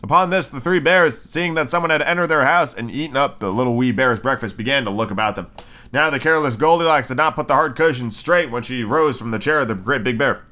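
A man with a bright, crisp voice reads a children's story aloud for a podcast. He keeps stopping for casual, irreverent asides full of swearing. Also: medium pitch, quick pace. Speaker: podcast host. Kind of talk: casual storybook reading with profane commentary.

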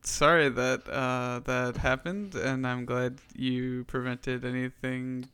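A man's voice: mid-range voice, level tone, slow, a bit bright, smooth. A young man co-hosting a casual podcast, sympathetic and upbeat in conversation. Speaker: podcast co-host.

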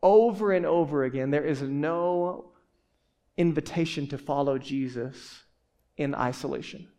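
A male pastor in his forties delivers a sermon. His voice sits a little high for a man, and he talks to the congregation in a loose, conversational way, often doubling back and adding asides. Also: a little slow, warm tone. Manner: casual, conversational preaching with frequent restarts and asides.

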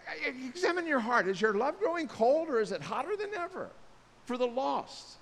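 A man preaching a sermon, animated, acting out the voices of the people he describes. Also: very high-pitched, normal speed. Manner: animated, acts out voices of people, jokes aside. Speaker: pastor. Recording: long reverb, faint hiss.

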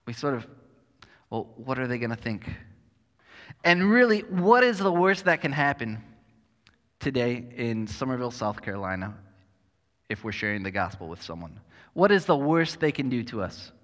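Male pastor, mid-pitched, conversational sermon delivery with dry humor, recorded in an echoey church hall. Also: animated, moderate pace, a bit bright. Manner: conversational, self-deprecating humor.

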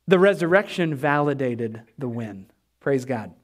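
A male pastor preaching a sermon in an animated, emphatic way, repeating his key phrases. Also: mid-range voice, measured pace.

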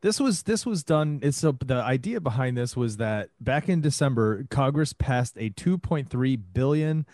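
A man co-hosting a casual podcast chat, brisk and laying out facts. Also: mid-range voice, lively intonation, darkish tone, no room sound, clean studio sound. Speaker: podcast co-host.

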